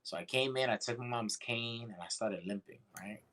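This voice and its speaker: Animated, swearing male storyteller. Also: mid-range voice, moderate pace, rough recording. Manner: animated, swearing, acts out voices in his stories. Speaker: podcast co-host. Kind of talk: casual storytelling chat.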